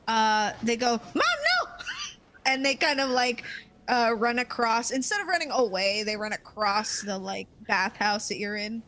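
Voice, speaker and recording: A woman's voice: a little high, fairly even intonation, normal speed, a bit bright, a little hiss or hum. A woman narrating as game master of a tabletop game, hesitant with many fillers.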